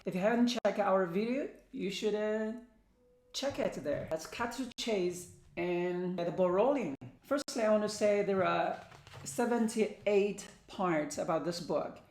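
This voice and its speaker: A woman teaching English vocabulary, reading country names and numbers aloud one by one and slowly. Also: medium pitch, a little mellow, echoey room. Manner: slow, careful word-by-word reading. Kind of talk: vocabulary lesson, reading word lists aloud.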